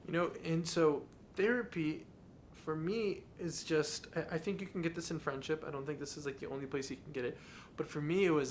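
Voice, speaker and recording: A man's voice: fairly high pitch, steady tone, brisk, a little hiss or hum. A young adult man hosting a podcast, talking in an earnest, candid and confessional way in a casual monologue. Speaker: podcast host.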